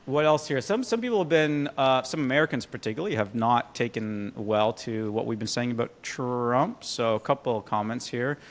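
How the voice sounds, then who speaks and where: A man's voice: mid-range voice, normal speed, few pauses. A man co-hosting a casual political podcast, wry and teasing as he reads out listener comments. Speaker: podcast co-host.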